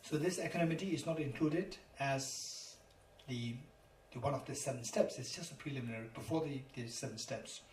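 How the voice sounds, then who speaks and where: A man lectures as a Buddhist teacher, repeating key phrases and spelling words out letter by letter. His voice sits at an ordinary middle pitch and is picked up from some distance in a roomy hall, with faint noise underneath. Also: brisk, darkish tone. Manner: emphatic and repetitive, spells terms letter by letter. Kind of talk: dharma lecture.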